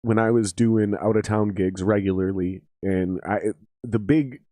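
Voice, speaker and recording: Podcast host, man, lowish voice, swears freely, lively storyteller; dry recording. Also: unhurried, no echo. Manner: profane, energetic storyteller. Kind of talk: casual podcast chat.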